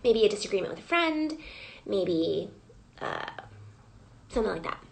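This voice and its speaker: A woman's voice: mid-range voice, sing-song, normal speed, creaky, rough recording. A woman coach leading a live guided reflection session, prompting listeners with repeated questions. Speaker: emotional wellness coach.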